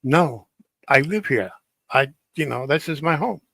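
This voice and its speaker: A man voicing a mysterious young ghost woman who speaks calmly and matter-of-factly. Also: a little high, measured pace, creaky, dry recording, full character voice. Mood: insistent.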